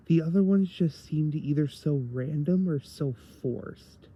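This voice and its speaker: A man's voice: fairly high pitch, unhurried, breathy edge, muffled recording. A man giving a rambling casual review of a TV episode, tired late at night and full of fillers.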